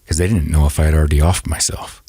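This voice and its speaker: A man telling a personal story as a podcast guest, speaking haltingly and often repeating and restarting his words. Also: rumbling low, fairly even intonation, mellow, slightly rough, dry recording.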